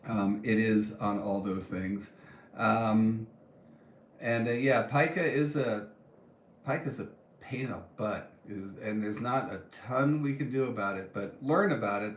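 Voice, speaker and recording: A man hosts a casual live stream and answers viewer comments in a loose, rambling way, often stopping and restarting. His voice sits low. The room is echoey, with a faint hum of ambience behind him. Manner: rambling, with many ums and restarts.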